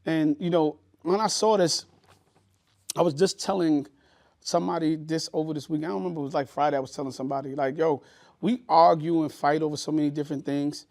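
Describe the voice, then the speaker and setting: A man with a New York accent, co-hosting a podcast in casual chat, tired and reflective with animated reactions. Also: a little high, brisk, creaky. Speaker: podcast co-host.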